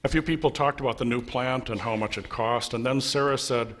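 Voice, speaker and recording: A man, a pastor in a church with a Minnesotan accent, telling a sermon story and voicing the people in it with shifts in pitch and loudness. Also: a little fast.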